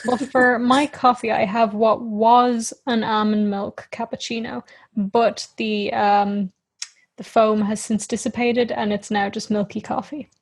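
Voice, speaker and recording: A woman's voice: fairly high pitch, level tone, unhurried. Easygoing young woman. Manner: easygoing, dry humour, steers the conversation. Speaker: podcast co-host. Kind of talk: casual chat.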